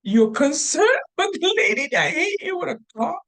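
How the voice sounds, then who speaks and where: This middle-aged motivational speaker has a high-pitched, somewhat bright voice and is very animated. Her casual talk is unhurried and earnest, built around stories with lots of restarts.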